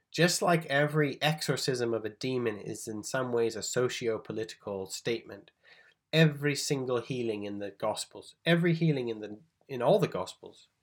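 A man teaching on a Gospel passage in a conversational sermon style, explaining the background, checking in with his listeners and loosely paraphrasing the text. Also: medium pitch. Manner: thinks aloud with restarts, paraphrases scripture informally. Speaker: Bible teacher.

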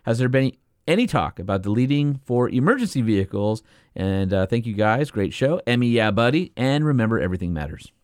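An animated male podcast host talks in loose, joking chat, his pitch swinging widely as he laughs and riffs. The sound is close and dry, with no room around it. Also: a little fast, dry recording. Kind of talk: casual chat.

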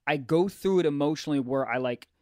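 A young comedian man speaks with emphasis and gets excited quickly. His slightly high voice heats up into profane rants. The recording is close and dry. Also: dry recording. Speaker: comedian, podcast co-host. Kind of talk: casual chat.

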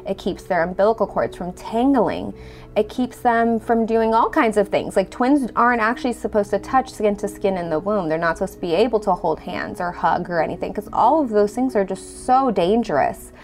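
A woman's voice: mid-range voice, expressive, moderate pace, faint music behind. A woman telling her own story in a conversational way, acting out the dialogue she quotes. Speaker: storyteller guest. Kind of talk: personal storytelling.

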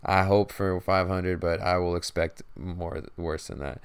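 A young man hosting a podcast rambles casually and angrily about sports, swearing throughout and constantly addressing people as "man." He speaks unhurriedly in a low, fairly even voice that is clear and resonant, with no room sound.

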